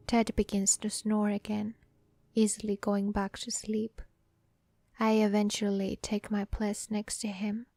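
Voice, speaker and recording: Slow, hushed woman narrating horror. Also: mid-range voice, vocal fry. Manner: soft, hushed, often dropping to a whisper. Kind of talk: scripted story narration.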